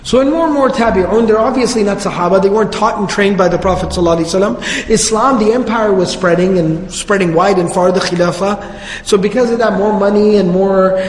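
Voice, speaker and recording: A man lectures on religious history in an easygoing, slangy storytelling way. His voice sits high, and the large hall around him adds a long, roomy reverb. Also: brisk, a little hiss or hum. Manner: conversational, slangy, animated storytelling.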